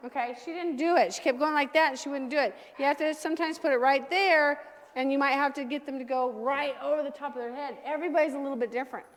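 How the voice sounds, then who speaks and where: A woman dog trainer leading a hands-on class, giving brisk, direct commands to owners and their dogs. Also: sits high. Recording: long reverb from a large room.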